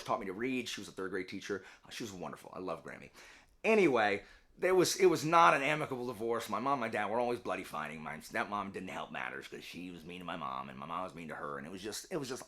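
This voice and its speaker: Southern man, late 30s, vlogger; animated, wandering chat with a bright, forward tone. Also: medium pitch. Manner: animated, rambling with many restarts and asides. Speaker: vlogger and teacher. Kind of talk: casual personal chat to camera.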